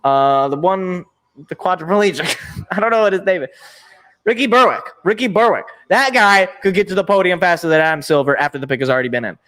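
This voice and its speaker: Bright, high-voiced exasperated young man. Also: brisk. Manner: exasperated, sarcastic, rambling. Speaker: sports podcast host. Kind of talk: live reaction commentary.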